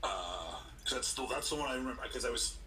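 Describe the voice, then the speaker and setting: A man co-hosting in casual banter, quick to tease and correct his partner. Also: medium pitch, lively intonation, sharp tone, a little hiss or hum, rough recording.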